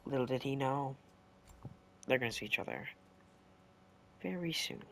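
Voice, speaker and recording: A man's voice: mid-range voice, lively intonation, normal speed, gravelly, slight background noise. A young man gives casual gameplay commentary, rambling through a story and correcting himself as he goes. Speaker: gaming video creator. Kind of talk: casual commentary while playing and telling a story.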